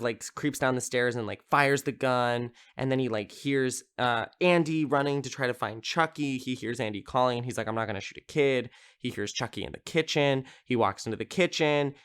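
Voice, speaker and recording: A podcast host recaps a horror movie conversationally, swearing freely and leaning on "like" as filler. His voice is medium in pitch with a clean tone.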